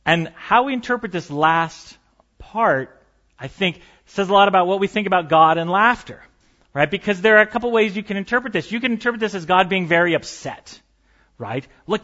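A man's voice: high-pitched, lively intonation, moderate pace, bright, forceful tone, lo-fi sound. A man preaching a sermon as pastor, conversational and storytelling, with light humor.

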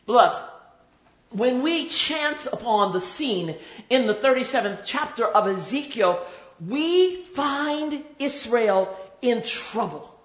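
A woman preaching a sermon in a measured, rhythmic way, with dramatic repetition. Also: fairly high pitch, expressive. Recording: roomy, slightly dull recording.

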